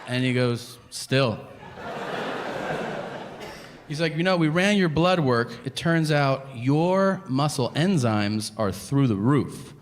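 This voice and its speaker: A man in his thirties doing a stand-up comedy routine, telling stories and acting out both sides of each conversation in an animated way. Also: medium pitch, a little slow, few pauses. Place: comedy club stage. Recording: live club set with hall reverb and audience noise. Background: audience laughter.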